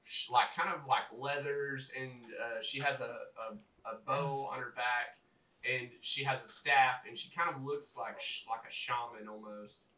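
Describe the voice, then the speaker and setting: A man's voice: medium pitch, fairly even intonation, unhurried, sharp tone. A man narrating as game master of a tabletop game, in loose, rambling narration with many fillers. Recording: echoey room, distant mic, faint hiss.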